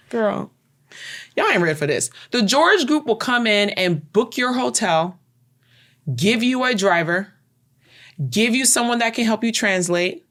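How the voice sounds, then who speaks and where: A woman co-hosting a podcast, telling stories in a lively, casual way and stretching words for emphasis. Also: a little high, slow pace, long pauses. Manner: animated storyteller, drawls words for emphasis. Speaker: podcast co-host. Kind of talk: casual chat.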